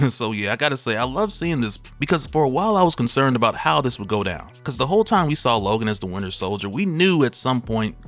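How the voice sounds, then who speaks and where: A man hosting a casual comic book recap, chatty and quick to laugh at his own asides. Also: mid-range voice, very animated, fairly bright tone, soft background music.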